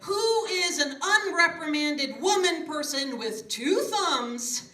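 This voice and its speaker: Playful female comic, unhurried mock-earnest delivery, roomy live pub sound. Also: sits high, lively intonation, pushed and bright. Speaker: comedian in a debate show. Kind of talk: comic debate speech. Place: pub stage with a live audience. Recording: roomy live recording with audience.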